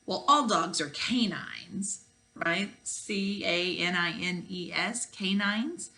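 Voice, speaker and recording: Teacher reading a chapter book to kids, lowish voice, bright tone. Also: female voice, slow. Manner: warm, chatty asides to kids. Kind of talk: reading a children's novel aloud.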